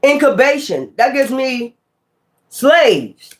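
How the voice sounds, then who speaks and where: Tarot reader, casual reading, animated, swears a lot, mid pitch. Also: moderate pace. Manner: animated, profane, calls listener child.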